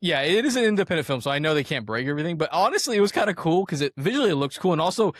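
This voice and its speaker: A man's voice: fairly high pitch, big pitch swings, racing, no room sound, studio quality. A young adult man hosting a podcast, chatting casually and animatedly about a movie, often laughing as he retells scenes. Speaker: podcast host. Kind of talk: casual movie review chat.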